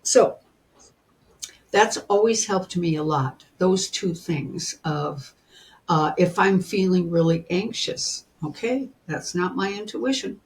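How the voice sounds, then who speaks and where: A woman in her seventies telling personal stories as a podcast guest in an animated way, often calling the listener honey. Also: fairly low pitch, slow. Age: 70s. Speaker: guest, psychic and spiritual teacher. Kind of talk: storytelling in a podcast interview.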